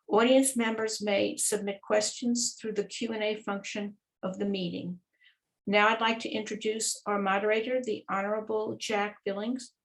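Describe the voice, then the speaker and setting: A woman with a mid-pitched voice reads the forum format and rules from a script. She keeps an even, steady delivery as she introduces the moderator. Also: low-quality recording. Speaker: forum organizer.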